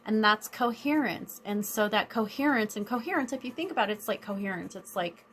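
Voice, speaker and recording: A woman vlogger with a medium-pitched voice talks a little fast about a self-help idea, and there's a slight hiss or hum in the audio. Her casual monologue rambles, full of fillers and restarted sentences. She acts out everyday stories in an animated way.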